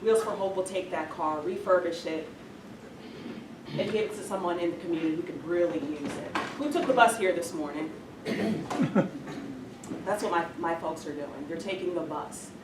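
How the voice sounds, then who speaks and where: A woman from New York gives a chatty, self-deprecating talk with slides, her voice sitting a little low. She is heard from a distance in an echoey room, with steady noise behind her. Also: normal speed, pauses often. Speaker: guest speaker. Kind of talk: presentation with slides.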